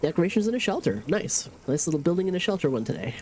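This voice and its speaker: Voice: mid-range voice, big pitch swings, racing, a little mellow, slight background noise. A livestreamer with a stuffy nose from a cold, chatting casually while playing a game and talking through each in-game task aloud. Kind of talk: casual gaming stream chat.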